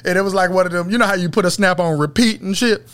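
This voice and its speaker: High-voiced man laughing through a story. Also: fast talker, fairly bright tone. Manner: laughing, slangy, retells texts. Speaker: podcast co-host. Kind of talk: casual podcast banter.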